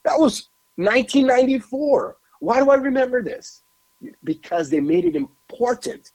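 A man co-hosting a podcast, telling a lively story with emphatic repetition into a studio mic. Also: extremely high pitch, normal speed, poor audio. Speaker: podcast co-host. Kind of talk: animated storytelling chat.

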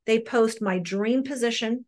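A woman's voice: on the high side, measured pace, a little mellow. Middle-aged New Jersey woman sharing frankly. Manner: earnest, frank, repeats words as she goes. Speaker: meeting member sharing. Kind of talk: personal recovery share. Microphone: online meeting call.

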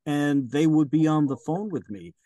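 A man's voice: a little high, normal speed, dark tone, no echo. A man who narrates audiobooks, chatting as an interview guest in a rambling, hesitant way with lots of fillers. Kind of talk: casual interview chat.

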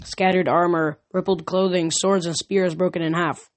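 A reader narrating a novel chapter aloud in steady first-person storytelling. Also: medium pitch, moderate pace. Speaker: audiobook reader. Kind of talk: fan audiobook narration.

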